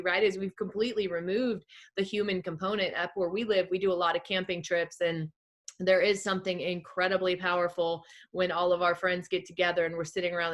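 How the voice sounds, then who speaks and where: A woman's voice: lowish voice, a bit bright. Reflective woman on a video call. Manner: reflective, searching, many fillers. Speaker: guest. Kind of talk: casual conversation.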